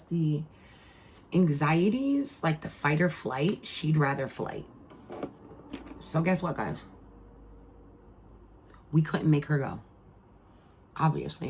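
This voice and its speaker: Husky middle-aged mom, rambling heartfelt. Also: female voice, lowish voice. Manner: rambling and heartfelt, full of "like" and restarts. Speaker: mother and vlogger. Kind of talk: casual storytelling vlog.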